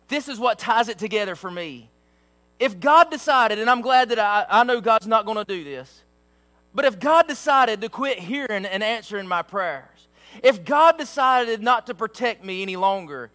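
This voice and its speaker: A man's voice: very high voice, animated, normal speed, sharp tone, soft background music. A man preaching a sermon with emphatic, repeated rhetorical phrases.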